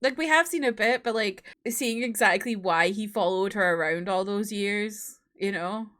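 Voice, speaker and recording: A woman's voice: mid-range voice, moderate pace, a bit bright. A young woman hosting a reaction video, chatting casually and from the heart with lots of "like" fillers.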